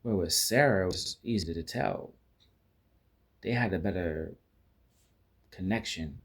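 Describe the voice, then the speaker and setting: A man's voice: low voice, measured pace, slightly rough. A man giving a casual spoken film review, rambling with frequent restarts and fillers and acting out quoted lines as he retells scenes.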